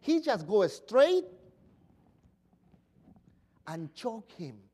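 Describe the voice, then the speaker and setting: Male pastor, lively sermon delivery, acts out pleas in voices, wide pitch swings. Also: extremely slow, husky.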